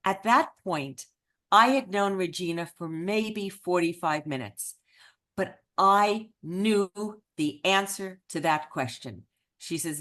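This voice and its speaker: A woman giving a personal storytelling talk at a remembrance event, expressive and lively. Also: lowish voice, takes it slowly.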